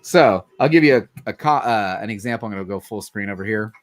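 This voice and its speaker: A man's voice: on the low side, expressive, fast, faint music behind. A man in his forties hosting a late-night livestream, chatting casually, laughing often and swearing freely. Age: 40s. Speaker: livestream host.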